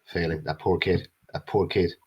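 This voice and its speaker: A man's voice: low voice, steady tone, normal speed, husky, highs cut off. An Irish man co-hosting a live show, ranting angrily with blunt, profane slogans. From Ireland. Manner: furious, blunt and profane, repeating short slogans. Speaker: co-host. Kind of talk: angry political rant on a live stream.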